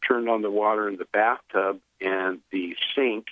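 A man's voice: lowish voice, unhurried, dry recording. A man telling a long, meandering story over the phone on a radio show, full of "uh"s and restarts. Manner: meandering, filler-heavy storytelling with animated retelling. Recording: tinny phone line.

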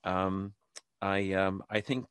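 A man's voice: sits low, fairly even intonation, slow, fairly bright tone, clean tone, no room sound. A man hosting a spoken show, talking in a rambling way with many ums and restarts, and leading listeners in a short prayer. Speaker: host. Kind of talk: casual spoken talk show monologue.

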